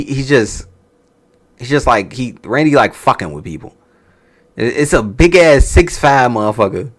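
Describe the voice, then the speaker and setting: A low-voiced man hosts a casual wrestling review, his pitch swinging widely as he gets worked up. He talks loose and profane, telling stories and laughing along the way. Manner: animated, profane, storytelling with laughs. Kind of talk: casual reaction chat.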